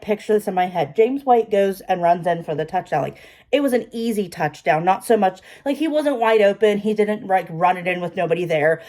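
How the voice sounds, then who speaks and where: A woman in her twenties, a beauty vlogger, chatting excitedly while doing her makeup and saying "like" constantly. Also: mid-range voice. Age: 20s. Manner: chatty and excitable, heavy use of "like".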